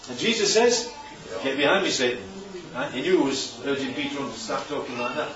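Fast and very animated, a man with a medium-pitched voice preaches an interactive Bible study over crowd noise. He checks in with "right?" after nearly every point, recorded in an echoey room on a distant, dull mic.

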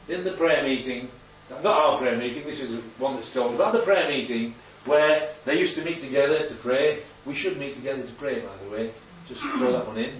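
A man preaching an interactive sermon, animated and quizzing the congregation as he goes. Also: on the high side, a little hiss or hum. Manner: animated, asks the congregation questions. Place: church hall. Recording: echoey hall from far off, dull.

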